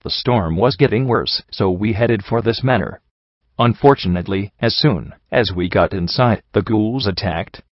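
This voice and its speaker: A man voicing an anxious young female pegasus who speaks softly, slowly and shakily. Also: on the low side, no room sound, lightly acted. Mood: shaken. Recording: dull, dry.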